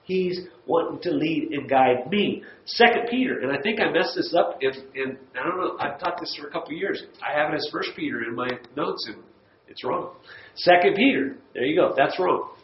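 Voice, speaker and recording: Man, folksy Bible teacher, a bit high-pitched, echoey lo-fi church room recording. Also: normal speed, slight background noise. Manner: folksy, emphatic, repeats words for stress. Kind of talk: Bible study lesson. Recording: echoey room, dull lo-fi sound.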